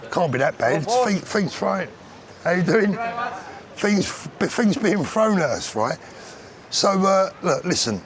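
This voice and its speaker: An English man vlogging outdoors to a handheld camera, joking and rambling in a casual comic way. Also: a little high. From England. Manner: jokey, rambling, chatty. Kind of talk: casual comedic vlog to camera. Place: busy street outdoors. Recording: outdoor street noise behind.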